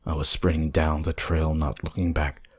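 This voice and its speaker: Man, very deep voice, husky, horror story narration, hushed, tense. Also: little pitch movement, normal speed.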